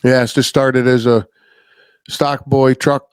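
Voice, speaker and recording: A man's voice: mid-range voice, level tone, smooth, dry recording, clean studio sound. A man from upstate New York hosting his podcast in a loose, casual chat, swearing freely. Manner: loose and profane, quick asides. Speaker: podcast host.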